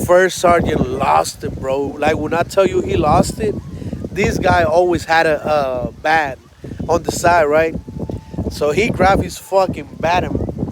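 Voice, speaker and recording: A man's voice: a little high, fairly even intonation, unhurried, noisy background. Casual, swearing army veteran man. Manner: swears freely, loose storytelling with many fillers. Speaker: army veteran telling stories. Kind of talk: casual storytelling on a livestream.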